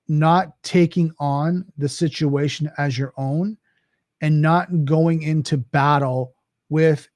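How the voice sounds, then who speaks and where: A man hosts a podcast in a loose, conversational monologue, often circling back with "right?". His voice sits a bit high for a man, with a mellow, relaxed tone. The recording is dry and close. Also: no room sound. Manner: conversational, with frequent restarts and "right?" asides. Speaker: podcast host. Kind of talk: casual monologue.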